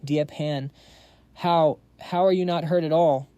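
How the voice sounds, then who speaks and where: A man's voice: on the high side, fairly even intonation, measured pace, dark tone, clear, resonant tone, dry recording, muffled recording, lightly acted. A man voicing a nervous monk henchman. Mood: tense.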